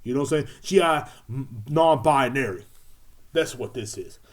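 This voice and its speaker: A man playing a self-righteous, foul-mouthed adult man in a loud, repetitive satirical rant. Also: medium pitch, normal speed, close to an everyday voice. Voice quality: loud, emphatic, swearing, repetitive.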